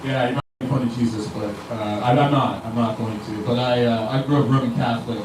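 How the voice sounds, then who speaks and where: A man's voice: medium pitch, fairly even intonation, fairly quick, noisy background. A male stand-up comedian rambling through a profane set, doubling back and restarting his sentences, in a comedy club. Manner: rambling and self-interrupting, profane. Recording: echoey club room from a distant mic. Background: crowd ambience.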